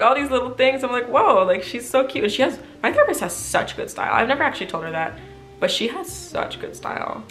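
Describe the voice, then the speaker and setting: A woman in her late twenties telling a personal story to camera in a casual, chatty way, full of "like" fillers. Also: medium pitch. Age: late 20s. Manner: chatty, animated, frequent "like" fillers. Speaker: vlogger.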